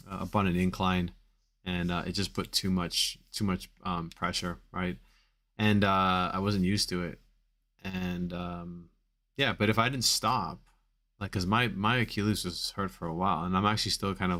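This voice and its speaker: A man's voice: deep voice, level tone, a little slow, sharp tone. A man coaching on back pain in a live Q&A stream, talking casually with many fillers and repeated phrases for emphasis.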